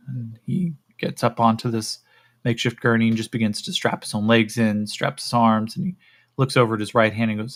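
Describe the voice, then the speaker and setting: A man narrating a solo tabletop game in a relaxed storytelling way, with fillers and asides. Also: mid-range voice, a little fast. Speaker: game master and solo player.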